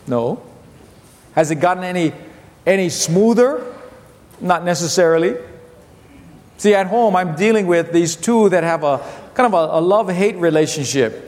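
High-voiced male pastor preaching in a hall. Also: normal speed, long pauses. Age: 50s. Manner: animated storytelling, repeats phrases, acts out family voices. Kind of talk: sermon. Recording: long hall reverb.

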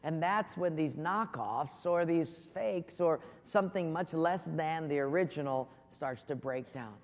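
A man preaching a sermon as pastor, lively and storytelling. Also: high-pitched, in a large hall. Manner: animated storyteller, acts out voices in jokes. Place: church.

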